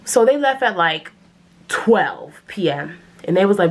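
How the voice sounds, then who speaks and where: A woman's voice: mid-range voice, unhurried. A woman, telling a personal story to the camera and acting out the quotes. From New York City. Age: 20s. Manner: animated, dramatic storytelling with acted-out quotes. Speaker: vlogger. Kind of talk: casual storytime.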